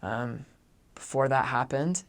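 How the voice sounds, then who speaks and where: A man's voice: medium pitch, slow pace. Chatty young man telling a story. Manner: chatty, heavy use of "like", animated. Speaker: returned missionary. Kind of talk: casual storytelling.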